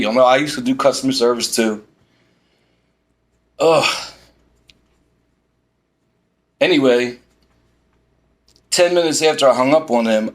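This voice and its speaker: Sitting in a parked van, a Philadelphia vlogger with a medium-pitched voice rants in exasperation. He tells his story animatedly, quoting both sides of the exchange.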